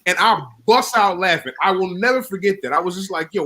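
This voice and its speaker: A man co-hosting a casual podcast chat, telling stories with laughter and quick restarts. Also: high voice, pushed and bright. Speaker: podcast co-host.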